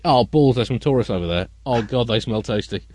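A man's voice: mid-range voice, animated, a little fast, a little mellow, slight background noise, pitched below the performer's own voice, natural voice. A greedy spy shark, as a man puts him on. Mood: greedy, guilty. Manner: guilty, self-pitying muttering. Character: male spy shark, greedy, easily tempted.

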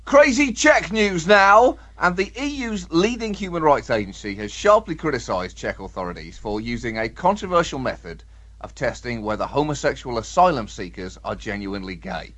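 A man's voice: medium pitch, sing-song, brisk, fairly bright tone. A man co-hosting a comedic news podcast, giving dry, mock-serious delivery with sudden outbursts. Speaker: co-host.

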